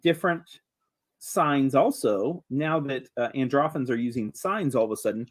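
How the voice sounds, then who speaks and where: Male game master narrating a tabletop game, unhurried and halting, everyday mid-range voice. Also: medium pitch. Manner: relaxed, hesitant, many ums.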